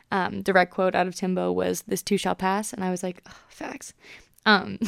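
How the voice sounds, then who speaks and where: A woman's voice: lowish voice, vocal fry, clear, resonant tone, dry recording, clean studio sound. A woman in her twenties hosting a solo podcast, talking casually and upbeat with lots of "like" fillers. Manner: chatty, upbeat, many "like" fillers. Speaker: podcast host.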